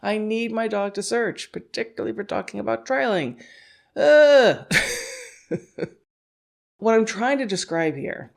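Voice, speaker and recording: A gravelly, medium-pitched woman speaks at a moderate pace on her dog-training podcast, where she teaches scent work. The talk is casual and instructional; she thinks out loud with "you know" and "like," and breaks into laughter as she plays out a dog's inner thoughts in quoted voices.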